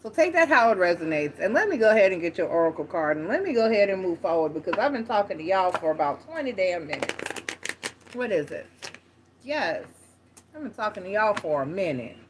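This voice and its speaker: A woman's voice: medium pitch, big pitch swings, fairly quick, slight background noise. A woman giving a casual tarot reading, talking frankly and directly to her viewers, with slang and the odd swear. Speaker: tarot reader.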